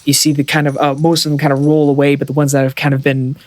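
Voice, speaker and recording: A man narrating a tabletop game as game master, describing scenes in a halting way with lots of fillers. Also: a little high, completely flat delivery, no room sound.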